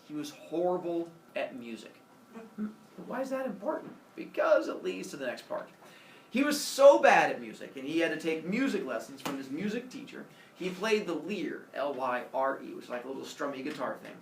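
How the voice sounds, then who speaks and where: A teacher telling a myth to his class in an animated, playful way with sound effects. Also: on the high side, moderate pace, creaky, slight background noise. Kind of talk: storytelling to a class. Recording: echoey classroom, from a distance.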